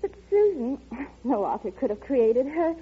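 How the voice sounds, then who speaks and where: An actress playing a gossipy young actress wife with a chatty manner in an old radio drama. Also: female voice, sits high, big pitch swings, unhurried, slightly rough, exaggerated voice. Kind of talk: 1930s radio acting. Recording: dull old radio recording.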